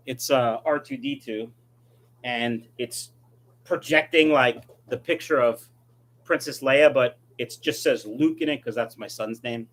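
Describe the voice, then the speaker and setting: A middle-aged fish-breeding YouTuber chats casually on a live stream, reading viewer comments and rambling through his answers. His voice is medium in pitch with a fairly bright tone.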